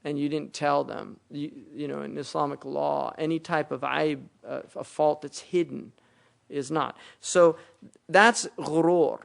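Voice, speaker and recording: A man's voice: on the high side, fairly even intonation, unhurried, vocal fry. A man giving a religious lecture, explaining Arabic words and verses, often rising into emphatic explanation. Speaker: Islamic teacher.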